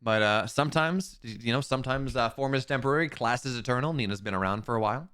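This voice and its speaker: A man casting a live strategy game match, chatty and self-mocking, rising with excitement on plays. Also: medium pitch, fast, smooth. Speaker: esports caster.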